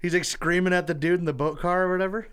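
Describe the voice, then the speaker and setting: A man's voice: sits high, steady tone, quick pace, fairly bright tone, clear, resonant tone. A man joining a podcast chat, firing off joking quips. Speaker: co-host. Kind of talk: casual chat.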